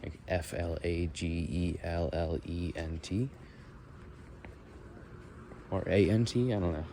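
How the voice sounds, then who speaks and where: A young man musing and thinking out loud as he walks outdoors through leaves. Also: sits low, steady tone, slow, a little hiss or hum. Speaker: vlogger. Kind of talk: rambling walk-and-talk monologue.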